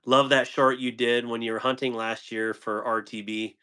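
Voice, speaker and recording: A man's voice: medium pitch, flat delivery, moderate pace, sharp tone, clean tone. A man hosting a live stream, reading and answering chat comments in a playful way, laughing often and tripping over tongue twisters.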